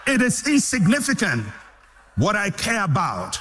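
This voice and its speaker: A pastor preaching with fervor, his voice set very high for a man. He swings his pitch widely, repeats his points, and drives them home with loud, emphatic declarations. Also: huge pitch swings, normal speed. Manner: impassioned preaching, repeating phrases and building to shouts. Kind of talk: sermon.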